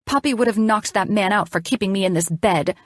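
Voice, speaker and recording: A woman voicing a frightened, combative young woman patient, pleading in a shrill, desperate voice. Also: brisk, lightly acted. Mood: panicked, shrill.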